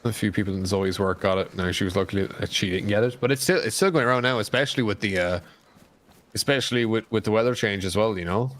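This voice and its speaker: Easygoing low-voiced man. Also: quick pace, a bit bright. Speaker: friend on call. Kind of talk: casual chat.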